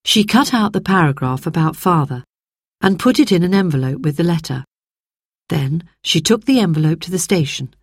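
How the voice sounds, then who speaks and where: A woman narrating a children's storybook in an expressive, clear storytelling manner. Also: fairly low pitch, normal speed, dry recording, clean studio sound. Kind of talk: storybook reading.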